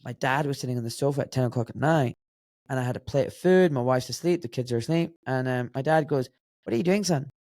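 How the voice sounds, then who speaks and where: A man's voice: medium pitch, quick pace, darkish tone, no echo, studio quality. A man in his forties with a Glaswegian accent, talking bluntly and straight as a podcast guest. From Scotland. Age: 40s. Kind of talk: casual interview conversation.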